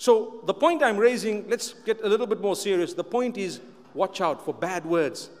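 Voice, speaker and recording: A man with a very high voice for his sex preaches to a gathered audience, driving his points home by repeating them and slipping in wry asides. His words ring out with a long reverb, as if from a large hall. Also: normal speed, darkish tone. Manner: emphatic, repeats key phrases, light humorous asides. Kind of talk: sermon to a live audience.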